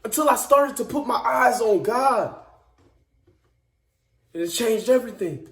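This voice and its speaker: A man with a notably high-pitched voice gives an informal devotional sermon. He speaks earnestly and emphatically, circling back over phrases and restarting them. The recording sounds echoey, as in a bare room. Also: expressive, a little slow, a bit bright. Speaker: speaker giving a devotional message. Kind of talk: informal preaching.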